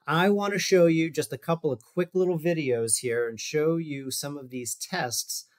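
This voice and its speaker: A man's voice: on the high side, normal speed. A man, a physical therapist, giving a loose, conversational talk over a video call while walking through exercise videos, with fillers and asides. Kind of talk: casual presentation over shared screen.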